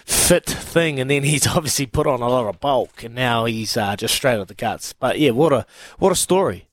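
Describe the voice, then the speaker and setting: A man's voice: medium pitch, brisk. A man co-hosting a sports radio show in casual, blokey banter, laughing often.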